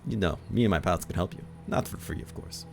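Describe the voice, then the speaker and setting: A man's voice: sits low, fast talker, vocal fry, over music. A man voicing a burly Russian-accented thug who is menacing with false friendliness. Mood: mocking. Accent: Russian, put on.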